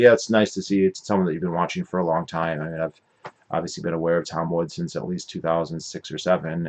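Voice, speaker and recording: A man's voice: low-pitched, darkish tone. A man hosting his own podcast, recapping an event in a rambling, opinionated monologue and often correcting himself mid-sentence. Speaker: podcast host.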